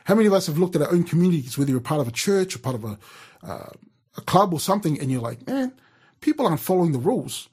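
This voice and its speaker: A man from New Zealand talks through a devotional in an easy, storytelling way, tripping over restarts and fillers as he goes. His voice sits a little higher than most men's. It has a husky, slightly breathy edge. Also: lively intonation, racing, darkish tone. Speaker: radio presenter giving a devotional. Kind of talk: casual devotional talk.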